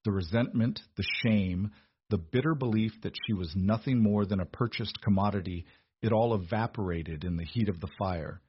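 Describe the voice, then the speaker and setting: In a low, husky voice, a man narrates a romance story with steady, measured delivery. The recording is dull and dry, without any room echo.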